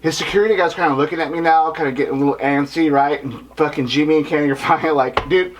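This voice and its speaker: A man's voice: fairly high pitch, quick pace, noisy background. A man in a band telling a story in casual chat, swearing often and acting out the voices of the people in it. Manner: animated, swears a lot, acts out voices in his stories. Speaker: band member, podcast co-host.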